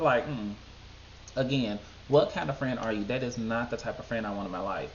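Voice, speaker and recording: A man giving casual, animated commentary on a reality show, talking back at the people on screen. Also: normal speed. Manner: animated, talks back at people on screen, mimics others in high voices. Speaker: reality TV reviewer. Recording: slightly dull lo-fi sound with faint background noise.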